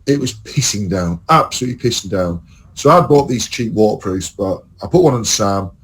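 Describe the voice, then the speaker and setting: A man's voice: on the low side, expressive, normal speed, a bit bright, husky, poor audio. A man telling long, rambling, sweary stories as a podcast host in casual chat.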